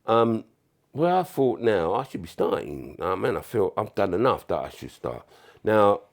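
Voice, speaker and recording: A former footballer recounting his playing days in a casual interview, animated and full of swearing, often acting out what others said. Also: lowish voice, moderate pace, gravelly. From England. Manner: animated, swearing, acts out quoted voices. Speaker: former footballer, podcast guest.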